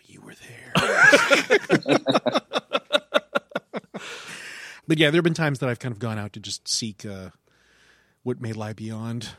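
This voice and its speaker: A man co-hosting a podcast, with a deadpan delivery and dry quips. His pitch swings widely even as the tone stays flat and unimpressed. The sound is close and dry, with no room around it. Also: slow pace, pauses often, no room sound. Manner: deadpan, dry one-liners. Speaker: podcast co-host. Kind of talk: casual podcast chat.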